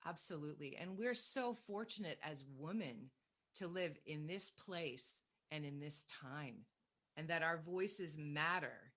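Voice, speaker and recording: A woman voice coach, a guest on a podcast, explaining in a measured, casual way. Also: sits low, animated, a bit bright. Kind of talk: casual interview chat.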